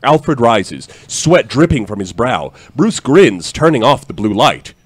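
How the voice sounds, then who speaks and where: Expressive man reading stage directions. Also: medium pitch, unhurried, breathy edge, dry recording. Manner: expressive, joking asides. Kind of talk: live script read narration.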